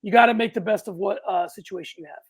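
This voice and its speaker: On a laid-back sports podcast, this male co-host speaks with a gravelly, high-sitting voice at a quick clip. He rambles with lots of energy, keeps restarting sentences, and bursts out loudly now and then.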